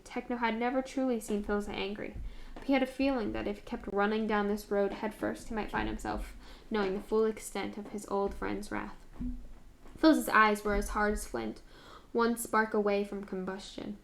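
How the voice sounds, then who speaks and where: A woman's voice: mid-range voice, vocal fry. A woman streamer reading fan fiction aloud, now and then stumbling on words and restarting.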